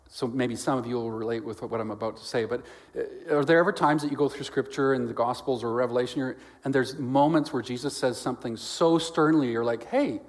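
A pastor delivers a sermon, swinging from loud exclamations to quiet, lowered lines. He acts out quoted voices and works in jokes.

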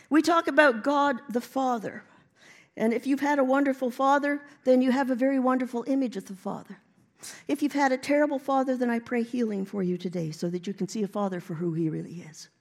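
A woman's voice: high-pitched, a little mellow. A woman preaching a sermon in a church, building to emphatic declarations. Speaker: guest preacher. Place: church sanctuary.

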